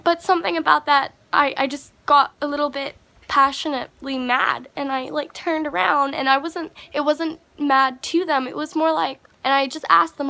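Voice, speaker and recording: A woman's voice: high-pitched, steady tone, moderate pace, vocal fry, hardly any pauses, bright, forceful tone. A young woman vlogger talking straight to her camera in an earnest, impassioned monologue, swearing freely as she goes. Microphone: camera mic.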